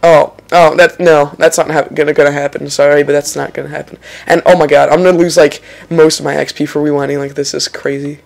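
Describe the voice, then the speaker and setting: A young man giving casual, excitable let's-play commentary over a racing game, swearing and exclaiming when he makes mistakes. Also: a little high, quick pace, vocal fry, hardly any pauses, soft background music. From Lithuania. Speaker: gaming channel host.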